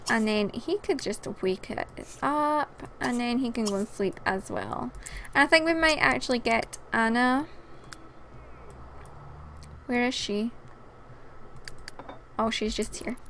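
Woman, gaming host, tired, giggly, high voice, faint noise behind. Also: expressive, slow, long pauses, a bit bright. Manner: chatty, giggly, talks to the game characters. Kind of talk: casual let's play commentary.

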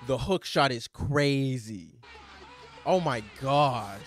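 A young man streaming live reactions to basketball highlights, blurting out groans and exclamations in casual, slangy, profane banter. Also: normal speed, soft background music.

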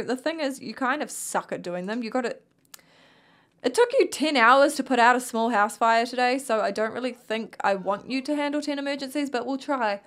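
A woman's voice: high voice, a bit bright. A young woman with a New Zealand accent, tired and yawning, chatting casually as she plays a life-sim game and talks to her characters. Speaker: gaming youtuber. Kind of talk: casual gameplay commentary.

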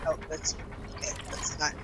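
A woman's voice: normal speed, heavy background noise. A woman streaming a game, chatting casually with her teammates. She swears freely and laughs often. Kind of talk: casual gaming chat.

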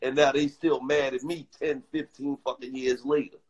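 A middle-aged man telling crude stories casually on a live stream, animated and profane, acting out both sides of his arguments. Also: mid-range voice, moderate pace, slightly rough, muffled recording.

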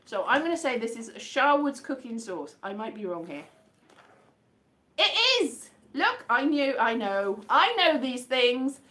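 A woman's voice: fairly high pitch, big pitch swings, moderate pace, hardly any pauses, a bit bright. A woman from the UK chatting casually in a vlog, rambling and amused with herself as she guesses mystery items by touch. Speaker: vlogger.

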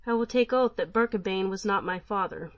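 A woman's voice: on the high side, fairly even intonation, moderate pace, lightly acted. Starving little prince begging for his life, read by a woman, muffled lo-fi sound. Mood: pleading. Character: young boy prince, hungry and pleading.

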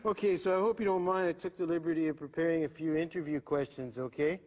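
An actor playing a dim-witted, know-it-all brother in an improvised sketch, with a nasal drawl ending lines with "eh". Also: male voice, a little high, fairly even intonation, fast, a little mellow, natural voice. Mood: goofy. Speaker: sketch comedy co-host. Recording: echoey room with long reverb.

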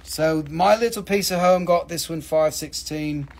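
A man's voice: fairly high pitch, measured pace, vocal fry. A man selling crystals on a livestream in casual patter, joking and swearing as he rambles through prices. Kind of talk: casual live-sale patter.

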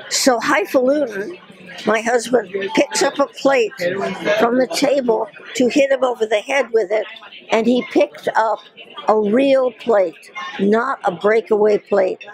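An older woman, a retired actress, telling lively stories about her career in an interview, slowing down to stress points. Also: fairly high pitch, rough recording. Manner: lively anecdotal, slows for emphasis, laughs through stories. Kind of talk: storytelling reminiscence.

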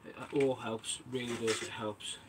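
The bait shack streamer speaks at medium pitch with a steady tone, taking his time against a noisy background. Working indoors in his small tackle shop, he answers the live chat casually and calls everyone mate.

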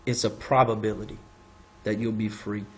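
A man's voice: fairly low pitch, little pitch movement. Earnest man, minister sharing testimony. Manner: measured, earnest, with fillers. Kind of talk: personal faith testimony.

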